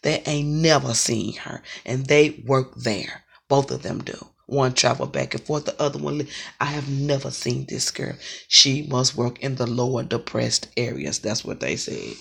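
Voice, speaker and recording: Ranting online reader, confrontational and repetitive; rough husky voice with heavy fry. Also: mid-range voice, a bit bright. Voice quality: gravelly and husky. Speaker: online psychic reader on a live stream. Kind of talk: angry ranting monologue.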